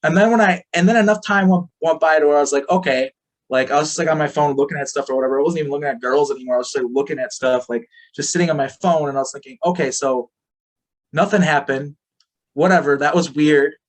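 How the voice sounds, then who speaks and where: A man's voice: on the high side, rapid-fire, hardly any pauses. A man telling a story as an interview guest, rambling, full of fillers and swearing freely. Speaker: podcast guest.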